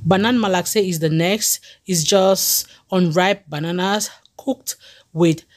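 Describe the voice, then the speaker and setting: A woman's voice: on the low side, takes it slowly. Upbeat Cameroonian woman food vlogger. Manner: enthusiastic, chatty, laughs easily. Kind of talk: presenting a food list.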